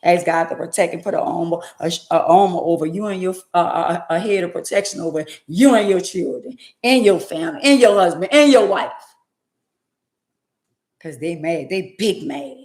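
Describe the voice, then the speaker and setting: A woman's voice: on the low side, moderate pace, darkish tone, echoey room. A woman vlogger giving an emphatic, preachy faith-based motivational monologue with lots of repetition.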